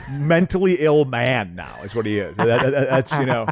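A man's voice: mid-range voice, animated, normal speed, a crowd in the background. A man co-hosting a podcast in casual chat, telling rambling stories with stammered restarts and swearing. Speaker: podcast co-host.

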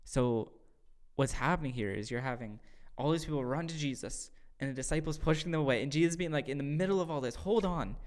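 A man hosting a casual faith discussion, explaining a scripture passage earnestly and acting out quoted voices in loud bursts. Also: medium pitch, quick pace, smooth. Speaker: podcast host teaching scripture.

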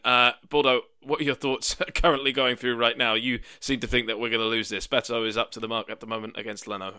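A young man hosting a football podcast, chatty and excitable, laughing often. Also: medium pitch, smooth, dry recording, clean studio sound. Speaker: podcast host. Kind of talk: casual live match chat.

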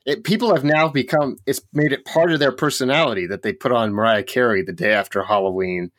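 A man co-hosting a podcast in casual chat, opinionated and ranting with quick jokes. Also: medium pitch, a bit bright, no room sound, studio quality. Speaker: podcast co-host.

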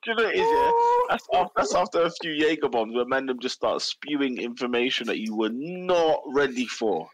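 A man co-hosting a casual football podcast, excitable and prone to bursts of high laughter. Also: brisk, few pauses, low-quality recording. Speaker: podcast co-host.

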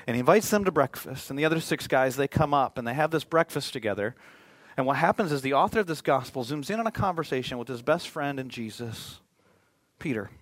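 A man's voice: fairly high pitch, a bit bright, dry recording. Chatty male pastor preaching. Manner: conversational, joking asides. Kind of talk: sermon.

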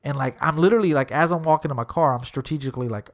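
Man in casual chat retelling a run-in, cusses freely, lots of filler words, animated delivery. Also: a little high, racing. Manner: heavy swearing, fillers like "literally" and "dude"; animated retelling, acting out quotes.

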